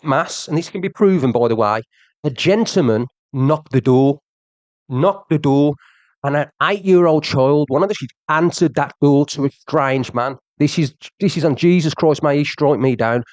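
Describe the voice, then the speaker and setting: A man's voice: fairly high pitch, moderate pace, darkish tone, no echo. A man ranting on a livestream, confrontational and repetitive, talking straight at his viewers. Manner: confrontational, repeats himself, addresses the viewer directly. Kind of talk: heated livestream rant.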